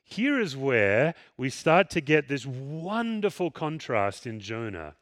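A man's voice: medium pitch, slow pace, no room sound, clean studio sound. A man preaching a sermon in a conversational, storytelling way, acting out the people in the story. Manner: conversational, animated storytelling with acted quotes. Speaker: pastor.

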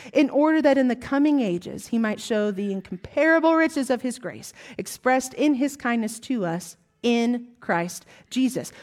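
A woman with a Southern US accent preaching a sermon, with emphatic rising lines and hushed, whispered asides. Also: sits high.

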